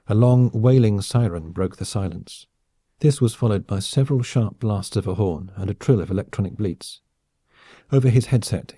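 This is scripted audiobook narration by a man with a low-pitched voice, steady and even in his storytelling. The studio-quality recording has no echo.

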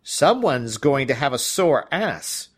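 A man voicing a weary woman dominatrix who gives loud, curt commands. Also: medium pitch, big pitch swings, slow. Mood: commanding.

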